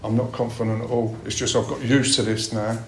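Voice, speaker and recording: A man's voice: medium pitch, flat delivery, fairly quick, slight background noise. Blunt, swearing man in an echoey room. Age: middle-aged. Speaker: recovery meeting speaker. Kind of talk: personal share at a recovery meeting. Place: meeting room. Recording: roomy meeting-room echo.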